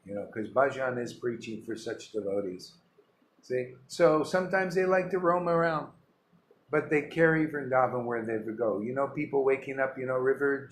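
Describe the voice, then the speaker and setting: A man's voice: mid-range voice, vocal fry, slight background noise. A man, a spiritual teacher, giving an informal devotional talk, emphatic and rambling, full of rhetorical questions. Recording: roomy echo with faint ambience.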